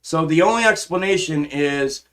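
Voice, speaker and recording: A man with a fairly high voice rants on his live stream, swearing freely and circling back over the same points. His talk is passionate and exasperated, full of false starts and repeated phrases. He sounds like he is at a home desk mic. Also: normal speed, fairly bright tone. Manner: profane, repetitive, frustrated ranting with frequent restarts. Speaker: stock trading live streamer. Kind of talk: impassioned ranting monologue.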